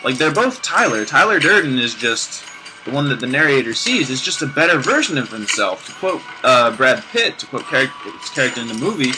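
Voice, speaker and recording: A man's voice: medium pitch, very animated, a little fast, rough recording. A man casually commenting on a video game he plays, rambling off-topic with restarts and sarcastic asides. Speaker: let's play gamer. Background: game music.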